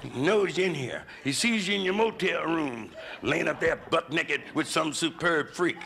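A middle-aged man doing a raunchy stand-up routine on a comedy club stage with a handheld mic, drawling and swinging into loud shouted voices. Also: on the high side, expressive, normal speed, gravelly. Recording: loud hiss on an old live club recording.

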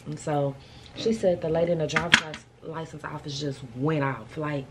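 A woman vlogger telling stories in a casual, animated, colloquial way. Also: low-pitched, a little fast, noisy background. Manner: chatty, animated, colloquial storytelling. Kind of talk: casual storytelling chat.

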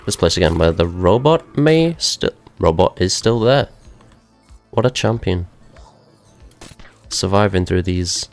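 A man's voice: low-pitched, gravelly. A young man giving rambling let's-play commentary to himself, with wry asides as he explores a game. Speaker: gaming video host.

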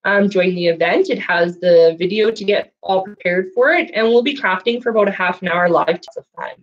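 A woman's voice: medium pitch, fairly quick. Woman, children's librarian, sing-song story time voice, dull lo-fi sound. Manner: sing-song, animated, does animal sounds for kids.

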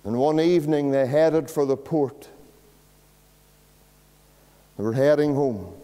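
A man preaching a sermon in a church, using slow dramatic pauses and dropping to a hush on key words. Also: mid-range voice. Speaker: pastor. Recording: long church reverb.

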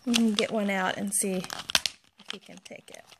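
A woman's voice: medium pitch, fairly even intonation, unhurried, vocal fry, background noise. A woman vlogging casually as she unboxes a gift, gushing and baby-talking to her pets.

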